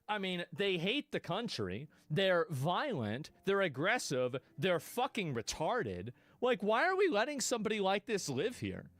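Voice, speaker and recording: A man streaming live, reacting bluntly to clips with profanity and sudden loud outbursts. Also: sits high, wildly swooping pitch, measured pace, few pauses, no echo.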